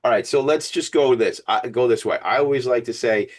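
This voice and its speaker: Energetic Long Island host, rambling. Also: male voice, mid-range voice, fairly quick. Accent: Long Island New York. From Long Island, New York. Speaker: podcast host. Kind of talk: casual interview chat.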